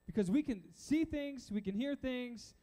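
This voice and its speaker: A young man preaching from a church stage, his voice pitched high but soft and mellow. He tells stories with animated quoted voices for the crowd. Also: moderate pace. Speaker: youth pastor. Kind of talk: sermon.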